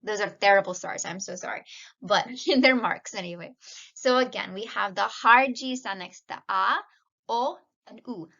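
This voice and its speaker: A woman's voice: mid-range voice, moderate pace, creaky, pushed and bright, muffled recording. A woman teaching a casual video lesson, patiently explaining and mixing Spanish words into her English.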